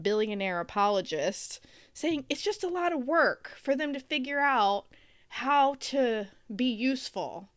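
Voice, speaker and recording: A woman's voice: high-pitched, dry recording, studio quality. A woman co-hosting a casual talk show, ranting sarcastically and laughing as she talks. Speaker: podcast co-host. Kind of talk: casual chat.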